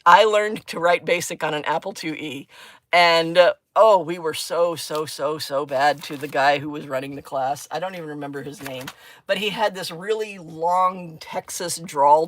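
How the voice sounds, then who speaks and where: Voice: mid-range voice, fairly bright tone, a little hiss or hum. A middle-aged crafting host chatting casually on a livestream while working. Chatty and giggly, with frequent exclamations.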